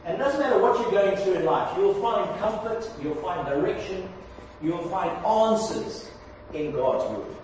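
A man preaching a sermon, who rises to loud, impassioned cries when quoting scripture. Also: high-pitched, expressive, a little slow, a little hiss or hum. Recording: distant mic in an echoey hall.

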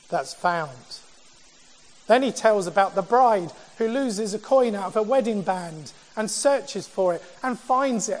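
A man preaching a sermon, asking rhetorical questions and working through the passage in a measured way. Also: high voice, in a large hall. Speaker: pastor.

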